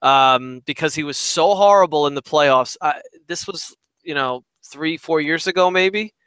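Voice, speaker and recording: A man's voice: a little high, a little slow, a bit bright, smooth, no echo. A man co-hosting a casual sports talk show, hesitant and questioning, often trailing off mid-thought. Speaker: sports podcast co-host.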